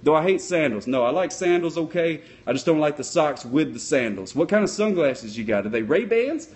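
Man voicing a sock-puppet cop, dopey rambling bravado, slightly high voice. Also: expressive, brisk, darkish tone, close to an everyday voice. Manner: rambling, dim-witted bravado. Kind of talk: comic puppet Q&A.

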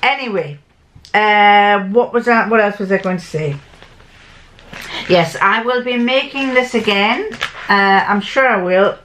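A woman's voice: medium pitch, measured pace, long pauses, fairly bright tone, slight background noise. An older woman, chatting casually to camera as a sewing vlogger. She rambles and often restarts or corrects herself mid-sentence.

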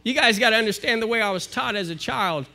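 A man with an American accent preaching a sermon to his congregation, building to forceful exhortation. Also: sits high, fast, creaky, soft background music. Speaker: minister. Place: church, live-streamed service.

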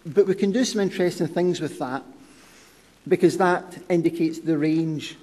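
A middle-aged man presents research to a conference audience in a measured, explanatory way, pausing on ums and restarting phrases. His voice sits a little high for a man. A long reverb from the lecture hall trails after each phrase. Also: mellow. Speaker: podiatry researcher giving a lecture.

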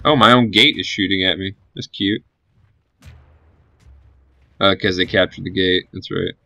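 A man's voice: low voice, steady tone, measured pace, creaky, pushed and bright, no echo, lo-fi sound. A man giving live gameplay commentary as a gaming channel host, cheering on his units and swearing casually.

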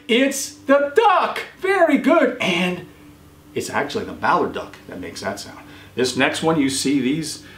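A man hosting a children's show, quizzing young viewers and praising each answer warmly. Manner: encouraging, praises often, pitch jumps on answers. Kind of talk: quiz for children. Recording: echoey room.

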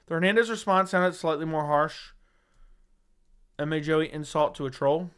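A man's voice: a little high, moderate pace, a bit bright, clear, resonant tone. A man hosting a casual livestream, reading viewer chat aloud and giving blunt, sarcastic, slangy replies into a studio microphone.

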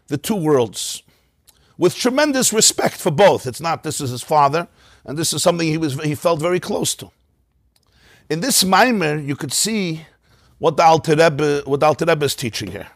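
A man teaching a Torah class in a study hall, telling stories in a lively way, with many Yiddish and Hebrew terms. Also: on the high side, studio quality.

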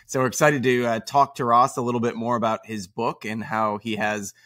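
A man's voice: mid-range voice, flat delivery, a little fast, fairly bright tone. A man hosting a podcast interview, chatting casually and joking with his guest. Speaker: podcast host.

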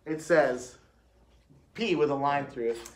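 A man reading a children's book aloud, animated, giving each classroom character a voice. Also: a little high, slow pace, roomy sound. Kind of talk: read-aloud storytelling.

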